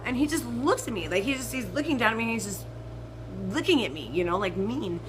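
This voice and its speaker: A young woman with a bright, tense voice pitched a little high tells a story in a ranting vlog. She swears constantly and jumps from loud, emphatic outbursts to low, muttered asides. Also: big pitch swings, normal speed, long pauses, slight background noise, low-quality recording. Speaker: vlogger.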